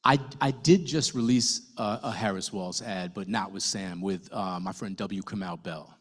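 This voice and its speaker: A man, a novelist, talking casually to an audience at a book event, telling his story with lively asides and the odd swear word. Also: low voice, moderate pace. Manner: conversational, animated storytelling with fillers and swearing.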